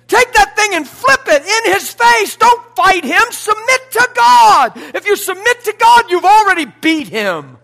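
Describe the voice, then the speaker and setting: A pastor, a man, preaching a sermon in an emphatic, blunt style with sudden shouted lines. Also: extremely high pitch, sing-song, a little slow, creaky, few pauses.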